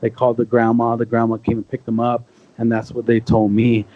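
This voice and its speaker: A man's voice: mid-range voice, completely flat delivery, a little fast, a little hiss or hum. A young man telling a long eerie story in a casual, rambling way, full of restarts and asides. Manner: rambling, with many restarts and fillers like "you know". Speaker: podcast guest telling encounter stories. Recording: slightly dull lo-fi sound.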